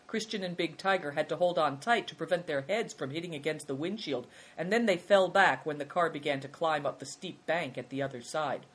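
A narrator reading a children's adventure story in a steady storytelling manner. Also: mid-range voice, brisk, few pauses, breathy edge. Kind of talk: audiobook narration.

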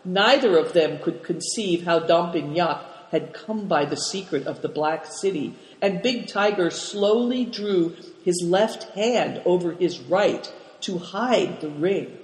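A man reading a story aloud in measured narration. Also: high-pitched, animated. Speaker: audiobook reader. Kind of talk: scripted narration. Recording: roomy with long reverb.

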